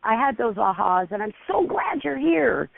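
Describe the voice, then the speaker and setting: A woman's voice: on the high side, sing-song, vocal fry, a little hiss or hum. A woman caller rambling about her spiritual journey in a meandering, giggly way. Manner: giggly, meandering, drawn-out phrasing. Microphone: phone. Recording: tinny phone line.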